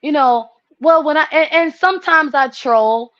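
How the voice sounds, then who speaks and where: A woman, chatting casually with a friend, animated and laughing. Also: high-pitched, unhurried, no room sound, dull audio. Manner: animated, laughing, acts out relatives' voices. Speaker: host. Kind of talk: casual chat.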